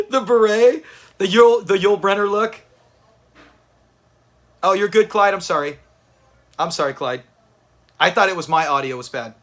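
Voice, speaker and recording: A man with kids hosts a live watch party, laughing often and chatting with viewers as he reacts to a sitcom episode. His voice sits high and a bit bright, and he talks a little slowly with long pauses.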